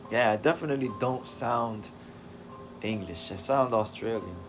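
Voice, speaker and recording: A young man chatting casually on a livestream while reading comics aloud, relaxed and slangy. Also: medium pitch, normal speed, over music.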